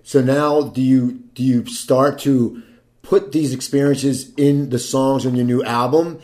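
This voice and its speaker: A male interviewer with a mid-pitched voice asks his questions in a halting way. He often repeats words and starts over while he works out the question. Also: little pitch movement, darkish tone.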